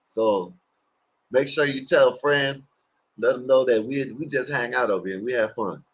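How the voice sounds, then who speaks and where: A man's voice: mid-range voice, normal speed, husky. A man hosting a livestream, giving rambling, crude, mocking reactions to clips. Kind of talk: casual profane reaction commentary.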